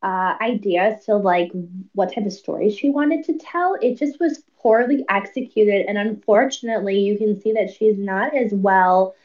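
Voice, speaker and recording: A woman co-hosting a casual book review podcast, animated, laughing often and acting out characters' lines. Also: medium pitch, normal speed, recorded from a distance, highs cut off. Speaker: podcast co-host.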